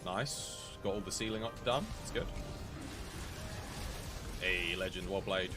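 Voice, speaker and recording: A man's voice: deep voice, measured pace, over music. A man chatting casually with viewers while commentating his own gameplay on a live stream. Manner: chatty, animated, slangy.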